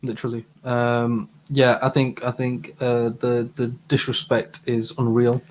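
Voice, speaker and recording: A man's voice: medium pitch, completely flat delivery, unhurried, a little mellow, slight background noise. Eager man, stumbling repeats. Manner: enthusiastic, stumbles and repeats words, playful. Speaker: advice show co-host. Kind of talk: casual live-stream banter.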